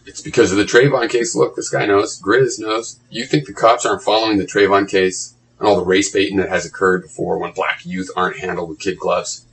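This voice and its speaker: A man's voice: on the low side, steady tone, a little fast, vocal fry, few pauses, a bit bright, a little hiss or hum, rough recording. A man reading blog comments aloud and mocking them in a sarcastic, profane running commentary.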